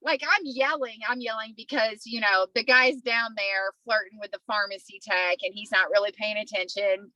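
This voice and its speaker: Bright, animated woman telling a story. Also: medium pitch, normal speed, few pauses, dry recording, poor audio. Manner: animated, profane, acts out voices while telling a story. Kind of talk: casual storytelling chat.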